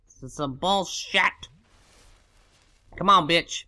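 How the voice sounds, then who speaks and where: Man, gameplay commentary, foul-mouthed, frustrated yelling, bright sharp voice, wildly swinging pitch. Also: expressive, unhurried, long pauses. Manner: swears constantly, yelling at the game in frustration; laughs and shouts in sudden outbursts. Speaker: let's play commentator.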